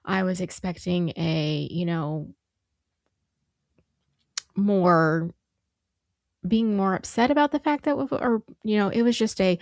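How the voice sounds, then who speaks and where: A woman's voice: medium pitch, takes it slowly, pauses often, a little mellow, no room sound, studio quality. A middle-aged woman co-hosting a podcast, telling an emotional family story with lots of quoted dialogue. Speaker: podcast co-host. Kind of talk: conversational storytelling.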